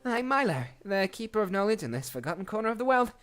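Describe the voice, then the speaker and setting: A man's voice: sits high, sing-song, fast, clean tone, voice pushed up. A man voicing a tiny, dramatic male goblin lore keeper with a put-on English accent. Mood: grand welcome. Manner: theatrical, swings from hushed to yelling.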